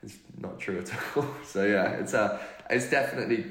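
A British man with a fairly low voice talks loosely about life as a touring DJ, peppering his speech with fillers. The recording has a roomy echo around him. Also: normal speed, a bit bright. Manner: loose storytelling, many fillers, laughs often. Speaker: touring DJ and musician. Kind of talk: casual interview chat.

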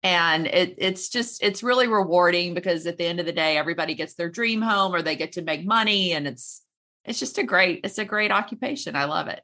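A middle-aged woman with a bright, forceful voice sitting low in pitch, chatting as a guest on a podcast. She talks with enthusiasm and open feeling and laughs easily. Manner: emotional, enthusiastic, quick to laugh. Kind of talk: casual interview chat.

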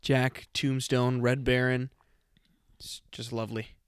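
A man's voice: mid-range voice, little pitch movement, slow, clear, resonant tone, no room sound. Teasing young man, dry close sound. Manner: teasing, joking. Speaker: podcast co-host. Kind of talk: casual chat.

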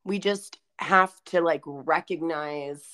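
Woman cohost, low voice, chatty and reflective, laughs a lot. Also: slow, sharp tone. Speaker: podcast co-host. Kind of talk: casual chat.

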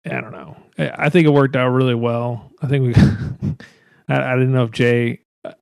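Casting: young male podcast host, gravelly voice, rambly and profane, dry close sound. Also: medium pitch, fairly even intonation, darkish tone, dry recording. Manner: rambling, profane, laughing, doing quick voices. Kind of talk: casual chat.

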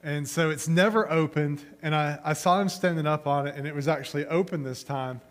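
Chatty young pastor with a slightly high voice. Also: male voice, fairly quick. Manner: conversational, storytelling with questions to the crowd. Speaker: youth pastor. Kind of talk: youth sermon.

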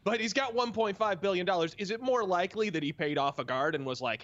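A man's voice: on the high side, fast, hardly any pauses, a bit bright, lo-fi sound. A man appearing as a guest on a comedic podcast, ranting in sardonic quips. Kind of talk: casual comedic chat.

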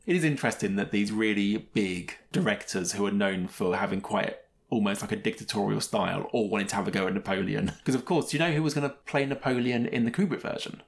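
A man's voice: fairly low pitch, fast talker, vocal fry, hardly any pauses. A man co-hosting a film podcast in a casual, rambling, digressive way, often chuckling between points. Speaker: podcast co-host and film reviewer.

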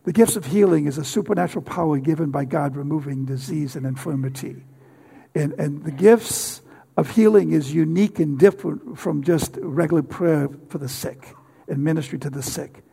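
An older man preaching a sermon with personal testimony, halting often with fillers and repeated words. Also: on the high side, creaky, mellow, husky.

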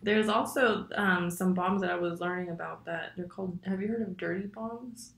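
A woman's voice: on the low side, fairly even intonation, moderate pace, fairly bright tone. A young woman, a student, chatting casually and rambling with lots of ums and likes. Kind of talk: casual chat. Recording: echoey room.

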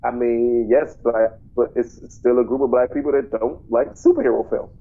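A man's voice: mid-range voice, very animated, moderate pace, vocal fry, phone-quality sound. A man co-hosting a casual movie podcast, blunt and opinionated, who often repeats himself. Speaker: podcast co-host.

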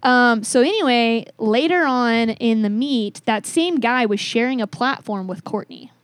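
A young adult woman, a weightlifting coach, telling stories in a candid, animated way with some swearing in a casual podcast chat. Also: on the high side, a little slow, no room sound. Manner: candid, animated storyteller who swears freely.

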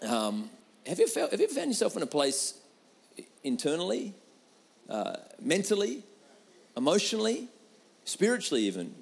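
A man's voice: sits high, wildly swooping pitch, moderate pace, gravelly, long pauses. A man preaching a humorous sermon, telling a personal story with laughter and a repeated rhetorical question.

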